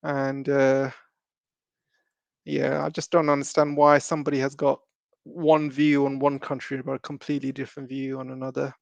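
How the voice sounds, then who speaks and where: A man's voice: medium pitch, monotone, normal speed, vocal fry, dry recording, lo-fi sound. A man hosting a live stream, talking loosely with many ums and restarts.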